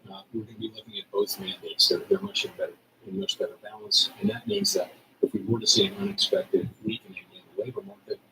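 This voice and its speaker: A man giving measured, hedging press conference remarks as a central bank official, with frequent fillers. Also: on the low side, sing-song, gravelly, sharp tone, far from the mic, slight background noise, rough recording.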